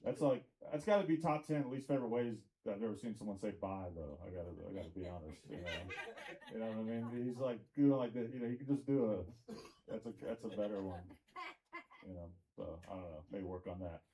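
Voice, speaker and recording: A man's voice: fairly low pitch, animated, brisk, rough recording. Rambling stand-up comedian man from Tennessee. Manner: rambling, self-interrupting, crowd work. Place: comedy club.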